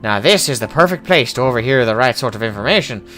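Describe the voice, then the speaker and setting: A man's voice: mid-range voice, lively intonation, fast, pushed and bright, soft background music, pitched below the performer's own voice. A man voicing a jovial, hard-drinking male dwarf adventurer in a put-on Irish accent, hearty and boastful. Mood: boisterous. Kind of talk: voicing game dialogue aloud.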